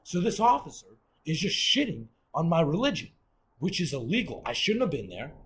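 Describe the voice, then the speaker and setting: Male guest, lively storyteller, profane and rambling, fairly high voice. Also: fairly quick. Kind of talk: casual storytelling.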